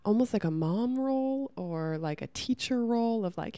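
A woman talking casually to camera about spiritual growth, chatty and soft, often saying "like" and restarting her sentences. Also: on the high side, animated, moderate pace, few pauses, no room sound. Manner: chatty, many "like" fillers and restarts.

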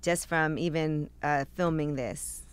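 A woman's voice: sits low, steady tone, slow pace, clean tone, dry recording. A woman co-host asking curious, conversational questions in a radio studio.

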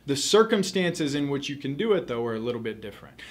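A man tutoring for a test, explaining grammar rules in a clear, methodical lesson and repeating the key points. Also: medium pitch, very animated, fast talker.

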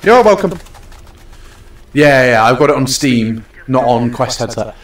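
A man's voice: medium pitch, expressive, a little slow, distant mic. Chatty young man streaming a game. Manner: chatty, playfully bossy with game customers. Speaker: gaming streamer. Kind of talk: casual live-stream commentary. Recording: roomy echo, off from the mic.

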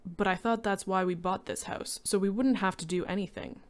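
A woman voicing a calm, reassuring husband in a story reading. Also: medium pitch, moderate pace, lightly acted. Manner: soothing, reassuring. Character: calm, amused husband, adult man. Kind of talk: reading a short story aloud.

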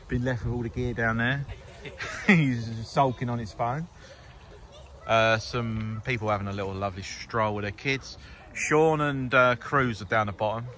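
A man's voice: mid-range voice, bright, forceful tone. A man filming a casual outing by a river, narrating with teasing jokes and frequent laughs. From England. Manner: jokey, teasing, laughs often. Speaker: vlogger filming a magnet fishing outing. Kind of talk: casual filmed running commentary. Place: outdoors by a river. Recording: noisy outdoor recording.

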